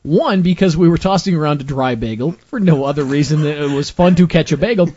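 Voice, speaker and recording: A man's voice: fairly high pitch, quick pace, a little mellow. A man hosting a casual chat, telling joking stories and teasing his co-hosts. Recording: dull lo-fi sound.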